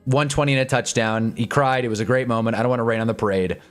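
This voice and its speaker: A man's voice: mid-range voice, fast, faint music behind. A man hosting a casual football live stream, rambling and joking with his chat.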